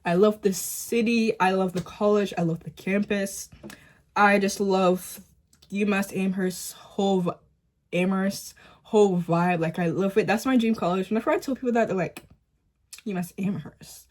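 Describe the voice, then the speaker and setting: A woman's voice: medium pitch, steady tone, moderate pace, a little mellow. A teenage girl from the Boston area chatting casually while doing her makeup, rambling with lots of "like" and "um". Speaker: beauty vlogger. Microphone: phone camera at close range.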